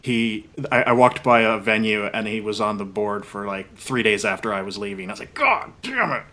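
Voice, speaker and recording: A man hosting a casual podcast, dropping quick wisecracks. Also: on the low side, flat delivery, sharp tone.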